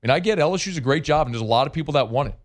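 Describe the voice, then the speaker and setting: A man's voice: a little high, lively intonation, rapid-fire. A man hosting sports talk radio, talking in a loose, conversational way with many fillers and restarts.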